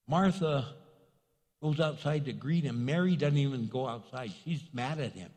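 Animated male pastor preaching in a hall. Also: fairly high pitch, a little fast. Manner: conversational, animated, acts out quotes. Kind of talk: sermon. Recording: long reverb in a large hall.

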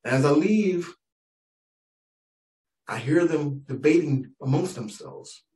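A man's voice: fairly high pitch, animated, slow pace, a little mellow. A male stand-up comedian telling a story in a conversational, mock-incredulous manner. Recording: roomy live venue from a distance.

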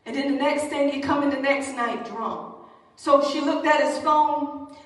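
A woman preacher with a high voice tells a story to the congregation in an animated way. She is heard from far off in a big hall with long, ringing reverb. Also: unhurried. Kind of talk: sermon storytelling.

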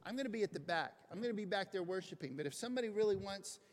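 A man's voice: high voice, lively intonation, very fast. A man preaching a conversational, earnest sermon in a church. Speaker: pastor. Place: church sanctuary. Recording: echoing hall, faint noise.

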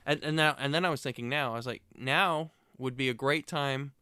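A man's voice: medium pitch, a little fast, sharp tone, clean tone, no echo. A man co-hosting a casual podcast, telling stories and tossing in dry, matter-of-fact quips. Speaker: podcast co-host. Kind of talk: casual chat.

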